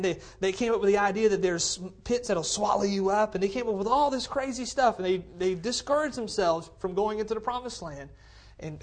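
A pastor preaching a conversational sermon on a cordless mic in a church, repeating phrases for emphasis and often checking in with the congregation. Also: male voice, sits high. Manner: conversational preaching, checks in with "okay? all right?". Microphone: cordless handheld mic.

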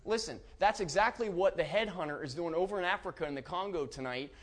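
A man preaching a sermon to a congregation. He talks emphatically and repeats and restarts his words, rising at times to loud preaching. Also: high-pitched, fast. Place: church.

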